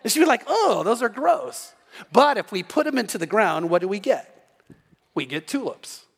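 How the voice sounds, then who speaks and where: Man, pastor, sermon, high voice, joking and animated, echoing church hall. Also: fairly quick, husky. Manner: animated, joking, acts out little dialogues. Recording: long church reverb.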